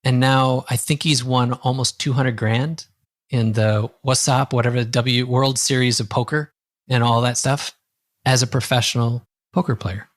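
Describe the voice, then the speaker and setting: A man who works as a coach, telling a client's story as a podcast guest and acting out the dialogue with a lively voice. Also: mid-range voice, moderate pace, no room sound, clean studio sound. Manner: lively, acts out quoted dialogue. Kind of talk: conversational storytelling.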